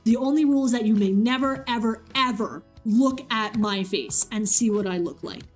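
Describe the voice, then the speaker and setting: A woman's voice: fairly high pitch, moderate pace, soft background music, close to an everyday voice. A woman voicing an invisible god husband who earnestly lays down his one rule. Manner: earnest, pleading.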